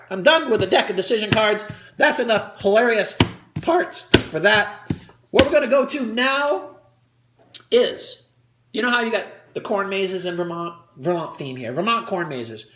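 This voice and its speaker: A man working through a stand-up comedy routine in front of an audience, his pitch swinging widely as he jumps into quick character voices. His delivery is crude and animated. The room around him rings with an echo.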